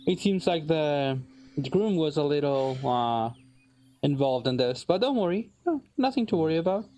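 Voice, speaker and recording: A man's voice: on the high side, animated, normal speed, mellow. A man playing a tabletop game, rambling and apologetic as he describes his character. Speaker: player. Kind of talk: tabletop role-play.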